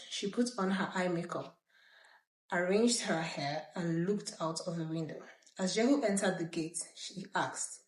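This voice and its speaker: A woman reads scripture aloud with a slightly low voice. She reads with lively expression and stops for chatty asides. The room around her rings with echo. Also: unhurried. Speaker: Bible reader. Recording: roomy echo.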